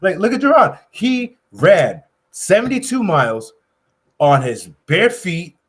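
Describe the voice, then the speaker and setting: A man hosts a fan panel in a playful, slangy way. His pitch swings around a lot as he jokes with the guests. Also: big pitch swings, measured pace, a bit bright, husky. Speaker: panel moderator. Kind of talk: casual panel hosting.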